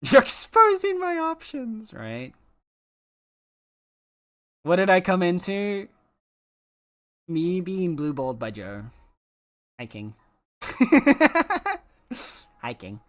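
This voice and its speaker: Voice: mid-range voice, huge pitch swings, takes it slowly, long pauses. A live streamer chatting casually with viewers, playful and teasing, with mock-dramatic complaints. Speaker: live streamer talking to chat.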